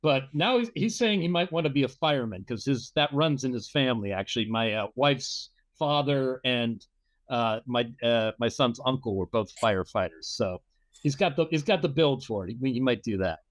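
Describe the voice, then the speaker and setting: A middle-aged guest talks casually with a halting delivery and keeps searching for his words. His voice sits at an average pitch, and the recording is dry and close. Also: animated, dry recording. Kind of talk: casual chat.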